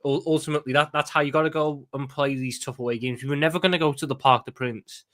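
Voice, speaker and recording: Emphatic fan, fairly high voice. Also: male voice. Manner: fast, emphatic, repeats words when excited. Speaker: panel guest, football fan. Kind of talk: passionate match analysis.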